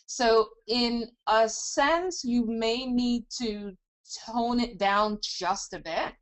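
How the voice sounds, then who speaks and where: A woman guest giving casual sales advice in a gung ho, high-energy way. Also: drawn-out words.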